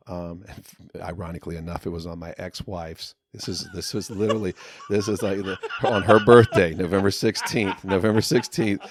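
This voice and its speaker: A man telling a long personal story in casual podcast talk, profane and animated, sometimes shouting as he relives moments. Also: low-pitched, brisk, no echo. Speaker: podcast guest.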